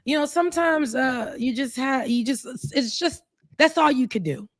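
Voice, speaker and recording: A woman's voice: sits high, normal speed, no echo, clean studio sound. A woman co-hosting a casual talk show, speaking earnestly and reflectively, rambling a little as she thinks aloud. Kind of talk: casual chat.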